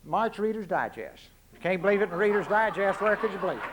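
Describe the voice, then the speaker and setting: A man's voice: sits high, lively intonation, fast talker, background noise. A man in his sixties with a Texan accent giving a folksy, punchy public address in a university lecture hall, firing off rhetorical questions. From Texas. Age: 60s. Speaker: public speaker.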